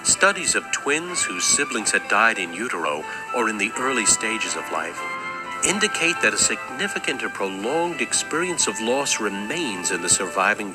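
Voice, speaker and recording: A man narrating a documentary in a measured, scripted way. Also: mid-range voice, poor audio. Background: music.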